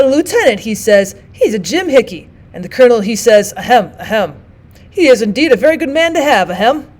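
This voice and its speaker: A woman's voice: high-pitched, pitched above the performer's own voice. A woman voicing an eager young soldier telling big news and mimicking officers' voices. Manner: excited storytelling, mimicking others.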